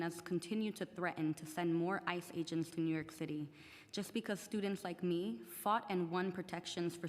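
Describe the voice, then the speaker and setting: A teenage girl, English not her first language, earnestly reading prepared testimony at a public hearing. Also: fairly low pitch. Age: teen. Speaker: student testifying. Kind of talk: prepared testimony read aloud. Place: council chamber. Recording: long reverb of a large chamber.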